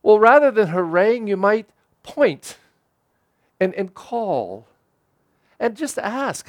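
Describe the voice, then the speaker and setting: Lively high-voiced male pastor preaching. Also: takes it slowly, long pauses, no room sound. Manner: conversational preaching with direct questions to listeners. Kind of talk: sermon.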